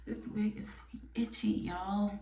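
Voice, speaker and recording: A woman from New York hosting her own podcast, talking candidly and bluntly, sometimes dropping to a soft near-whisper. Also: mid-range voice, steady tone, measured pace. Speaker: podcast host. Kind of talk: casual personal monologue. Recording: echoey room, mic a bit distant.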